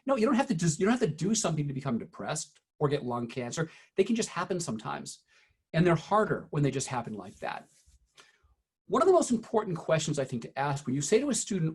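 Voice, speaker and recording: A middle-aged man giving a teacher-training talk, telling true stories from his classroom in an earnest, halting way with frequent restarts. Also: fairly high pitch, sing-song, slightly rough. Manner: earnest storytelling, frequent "uh" and restarts, quiet when recounting.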